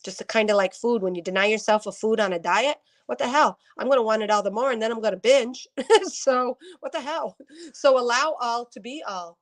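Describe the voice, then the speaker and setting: A woman's voice: on the high side, fast talker, hardly any pauses. Chatty woman giving live-stream readings. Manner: chatty, talks to viewers by name, laughs often. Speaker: intuitive reader on a live stream.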